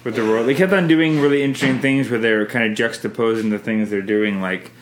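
Man hosting a gently coaxing home podcast. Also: mid-range voice, quick pace. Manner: gently coaxing questions, frequent restarts. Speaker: podcast host interviewing his children. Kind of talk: casual family chat about a movie. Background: faint cleaning noise.

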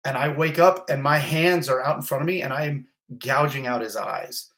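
A middle-aged man tells a personal story on a podcast, building it up in short, repeated, graphic clauses. His voice sits at an ordinary middle pitch, and the delivery stays intense and vivid. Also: normal speed, fairly bright tone. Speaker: fire captain, guest.

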